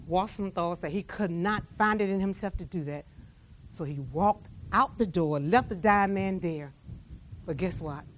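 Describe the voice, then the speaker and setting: A woman preaching a sermon, telling stories that swing between a soft hush and raised emphasis, with repeated words along the way. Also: mid-range voice. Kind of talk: sermon storytelling.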